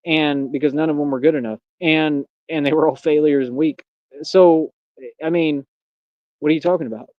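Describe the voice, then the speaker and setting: A man's voice: a little high, fairly even intonation, normal speed, no echo, lo-fi sound. A man hosting a livestream, delivering a boastful, defiant and mocking monologue. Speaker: livestream host. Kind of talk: unscripted ranting monologue.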